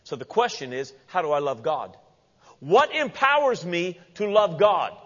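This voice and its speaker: A man preaching a sermon as pastor, animated and playful, acting out the voices of the people he quotes. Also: fairly high pitch, normal speed. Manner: animated, acts out quoted voices with humorous asides. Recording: dull lo-fi sound with long hall reverb.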